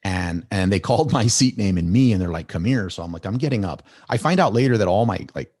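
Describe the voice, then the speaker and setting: Male podcast guest, very low and husky, loose animated storytelling. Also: quick pace, no echo, studio quality. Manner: rambling, animated storyteller with many restarts. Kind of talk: casual storytelling.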